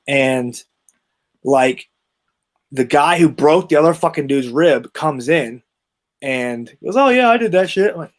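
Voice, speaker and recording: A man being interviewed who tells rough gym stories in a loose, profane way. He often drops to a low, quiet trailing voice at the end of a thought, and his pitch is mid-range. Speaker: guest, gym owner. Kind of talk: casual storytelling in an interview.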